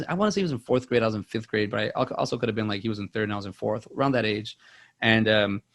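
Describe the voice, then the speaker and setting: A man co-hosting a casual movie podcast, his voice gravelly and frayed at the edges. He rambles, restarts sentences and stacks up fillers as he goes. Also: mid-range voice. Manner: rambling, many fillers and restarts, acts out quotes loudly. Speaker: podcast co-host.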